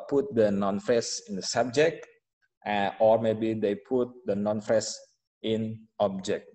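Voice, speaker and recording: A man teaching an English lesson, explaining slowly with frequent fillers and restarts. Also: medium pitch, a little mellow, big-room sound, poor audio. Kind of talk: online classroom instruction.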